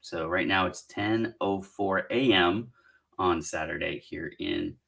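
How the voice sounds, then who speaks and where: This middle-aged Southern Californian career coach takes it slowly, his slightly low, gravelly voice carrying a bright, forceful edge. In a relaxed live Q&A about job hunting, he reasons out loud and cheers viewers on as he answers their comments.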